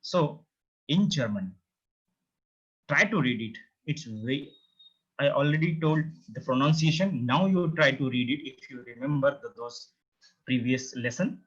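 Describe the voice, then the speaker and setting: Man, language teacher, slow drilling delivery, lively pitch swings, dull lo-fi recording. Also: slightly rough. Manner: patient, repeats words many times for drilling; explains pronunciation step by step. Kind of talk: beginner language lesson.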